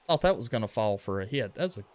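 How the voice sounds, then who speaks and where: Speaking fast in a voice on the low side, a gaming livestreamer with a Louisiana accent from western Louisiana plays a baseball video game. He stays relaxed and chatty, casually reacting to plays and greeting viewers.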